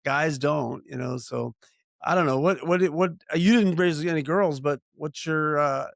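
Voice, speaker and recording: Older man with a gravelly, rambling voice. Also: a little high, measured pace, dry recording, studio quality. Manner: rambling storyteller with many restarts and fillers. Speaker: podcast co-host. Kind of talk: casual chat.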